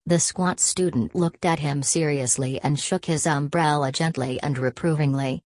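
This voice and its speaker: Low-voiced woman reading a novel. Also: normal speed, darkish tone, dry recording. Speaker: audiobook narrator. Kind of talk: scripted narration.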